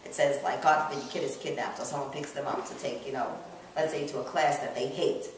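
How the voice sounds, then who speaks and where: Woman, low voice, informal religious teacher, chatty, asks the group questions, distant mic, echoey room. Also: fairly even intonation, fast, a little hiss or hum. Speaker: Torah class teacher. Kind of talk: informal religious class talk.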